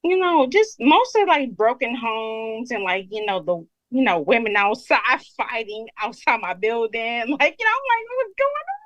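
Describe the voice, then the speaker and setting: A woman's voice: on the high side, expressive, measured pace, hardly any pauses, fairly bright tone, no room sound, lo-fi sound. A young woman from Brooklyn, calling in and rambling with lots of fillers. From Brooklyn, New York. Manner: rambling, many fillers like "you know". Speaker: caller. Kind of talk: emotional call-in chat.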